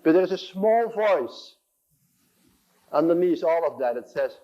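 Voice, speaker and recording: A man's voice: on the high side, expressive, measured pace, long pauses, dull audio. A man in his sixties giving an impassioned sermon in a church, building on repeated phrases and acting out inner voices. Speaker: preacher.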